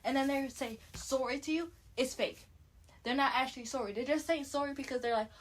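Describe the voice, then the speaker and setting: A young Canadian woman talks straight into the camera in a casual, opinionated way. Her voice sits a little high for a woman, and she calls her viewers "guys" as she works through her points. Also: a little fast. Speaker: reality TV recap vlogger. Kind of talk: casual chat.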